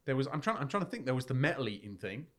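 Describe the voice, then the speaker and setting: A man co-hosting a casual film podcast, thoughtful and halting, often restarting his sentences. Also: mid-range voice, very animated, a bit bright. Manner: hesitant, many fillers and restarts, reflective. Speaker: podcast co-host.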